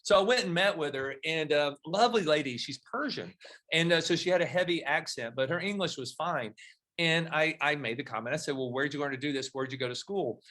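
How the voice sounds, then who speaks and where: A middle-aged man speaks as a guest on a podcast interview, his voice bright and forward and sitting a little high. He tells his stories with energy and slips into the other people's voices when he quotes them. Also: fairly quick. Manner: storytelling, animated when acting out dialogue.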